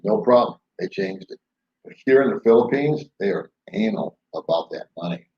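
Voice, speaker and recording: A man's voice: medium pitch, animated, normal speed. Chuckling man on a late-night live stream. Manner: rambling, chuckling, jokey storytelling. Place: home in the Philippines. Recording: echoey room, dull lo-fi sound.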